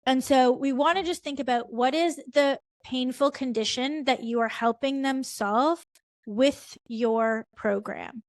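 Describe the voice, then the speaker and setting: High-voiced woman coaching in a dry, close recording. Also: measured pace, dry recording. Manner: emphatic, repeats key phrases, asks the audience questions. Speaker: online business coach. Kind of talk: live online workshop teaching.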